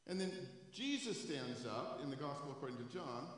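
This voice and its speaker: A man's voice: on the high side, big pitch swings, moderate pace, few pauses. A male pastor preaching a sermon to a room and a live stream, raising his voice for quoted scripture. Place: church sanctuary. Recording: echoey hall, long reverb.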